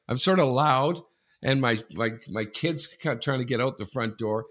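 A man in his forties co-hosting a casual sports podcast, telling a rambling anecdote full of restarts that builds to loud excitement. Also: mid-range voice, normal speed. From Canada. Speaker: podcast co-host. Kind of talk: casual sports talk, storytelling.

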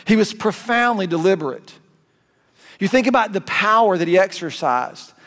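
Male Southern pastor, high voice, animated conversational sermon, reverberant sanctuary. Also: normal speed. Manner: conversational, animated preaching with asides and restarts. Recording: long hall reverb.

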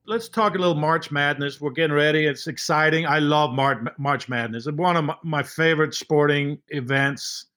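A man's voice: on the high side, normal speed, hardly any pauses, fairly bright tone. A man hosting a podcast, asking his guest questions in a friendly, casual way. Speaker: podcast host. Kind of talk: casual interview.

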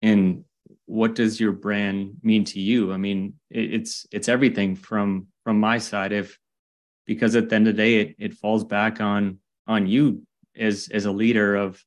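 Casting: man, podcast host, low monotone, chatty and rambling. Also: unhurried. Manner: rambling, enthusiastic. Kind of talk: podcast interview.

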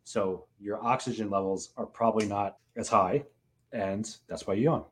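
A man's voice: lowish voice, fairly even intonation, moderate pace, slightly rough. A man co-hosting a podcast in casual, rambling banter, laughing often. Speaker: podcast co-host. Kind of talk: casual chat.

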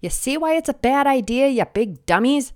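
Lecturing her audience, a slightly sniffly woman in her thirties gives a sarcastic political commentary monologue full of mockery, putting on shrill voices to mimic her opponents. She speaks expressively at normal speed, with a somewhat mellow tone.

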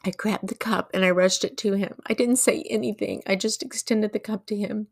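A woman hosting a devotional podcast, talking earnestly and emotionally, telling a story slowly and putting questions to her listeners. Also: mid-range voice, steady tone. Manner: preacherly, asks listeners questions. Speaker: podcast host.

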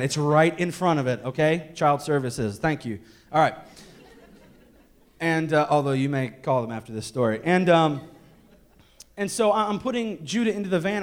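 A man in his thirties, a pastor telling a candid family story in a sermon with jokes and restarts. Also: a little high. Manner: candid, joking, many restarts.

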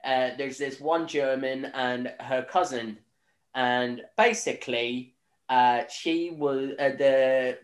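This young Northern Irish man, hosting a podcast, takes it slowly in a mid-range voice with a steady tone. He recaps a film conversationally, rambling, swearing, laughing and using lots of fillers, and the room is echoey.

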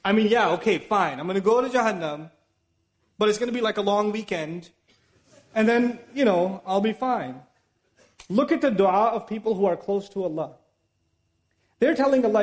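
A man's voice: sits high, normal speed, pauses often. A middle-aged man, giving a sermon and acting out the excuses people tell themselves. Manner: animated, acts out the inner voices and excuses of listeners. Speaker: Islamic teacher.

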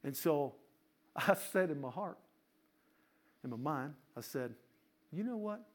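A man preaching, telling a personal story in an animated, conversational sermon style. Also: medium pitch, slow pace. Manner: animated storyteller, rising to laughing shouts. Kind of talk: sermon testimony.

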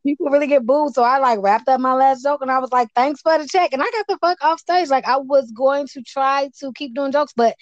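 A woman's voice: sits high, brisk, few pauses, no echo, highs cut off. A young woman stand-up comedian telling stories in a casual interview, blunt and profane.

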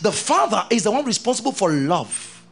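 A man preaching a sermon, reading scripture aloud and keeping on questioning his congregation in an animated way. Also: high voice, normal speed, slightly rough. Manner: reads scripture aloud between explanations.

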